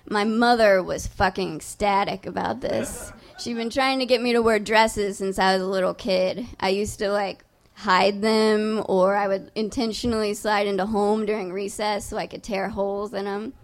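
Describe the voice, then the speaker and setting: A young adult woman telling a personal story live on stage, in a casual, profane, self-mocking way. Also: mid-range voice. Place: on stage before a live audience.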